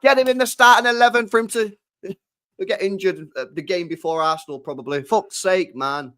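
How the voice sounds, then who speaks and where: A man, chatting casually to his live-stream chat, excitable and swearing a lot, often swinging between loud and quiet. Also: high-pitched, a little fast.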